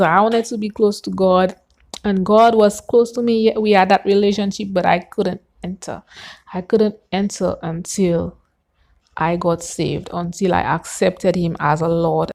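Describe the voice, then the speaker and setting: A woman telling her personal faith testimony in an earnest, animated way, gasping and acting out what she said back then. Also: mid-range voice. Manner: earnest and animated, with gasps and acted-out quotes.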